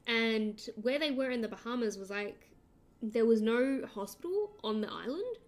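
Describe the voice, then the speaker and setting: An Australian woman streaming a game, chatting casually in an excitable, rambling way. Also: a little high, normal speed. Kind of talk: casual chat while gaming.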